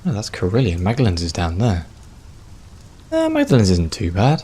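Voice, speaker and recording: A man's voice: fairly low pitch, huge pitch swings, moderate pace, dark tone, slight background noise. A man playing a video game, reading its text aloud expressively and chatting in a self-deprecating way. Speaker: video game let's player.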